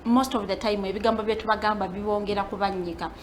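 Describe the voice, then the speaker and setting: A woman's voice: mid-range voice, fairly even intonation, rapid-fire, slight background noise. A Ugandan woman chatting as a panelist, reflective and switching between English and Luganda. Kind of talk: casual chat.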